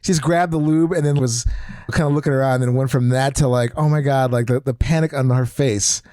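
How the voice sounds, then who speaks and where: A man's voice: mid-range voice, fairly even intonation, fairly quick, warm tone, no echo, studio quality. A man co-hosting a podcast, telling a crude story in casual chat and laughing often. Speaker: podcast co-host. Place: New York.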